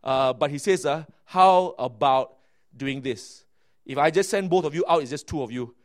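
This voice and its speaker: Animated Malaysian English-speaking male pastor. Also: a little high, normal speed. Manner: animated, chatty, frequent filler words and restarts. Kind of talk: sermon storytelling.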